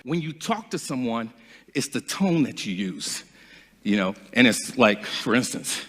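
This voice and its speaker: Animated guy teaching a seminar, bright voice, lots of ups and downs, echoey lecture hall. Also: medium pitch, normal speed. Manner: animated, acts out dialogues. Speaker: speaker and trainer. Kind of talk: seminar talk.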